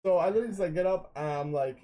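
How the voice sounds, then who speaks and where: A man's voice: sits high, very fast, mellow, slight background noise, rough recording. A young man casually telling a rambling, profane story, full of fillers. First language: not English.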